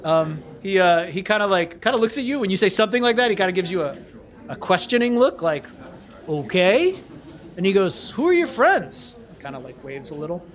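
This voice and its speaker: Male game master, high voice, casual rambling narration. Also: expressive, fast talker. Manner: casual, meandering, with fillers.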